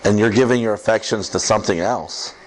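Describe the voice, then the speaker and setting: A man preaching a sermon as pastor to a congregation, in an animated, conversational way with quick asides. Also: on the low side. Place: church service with congregation.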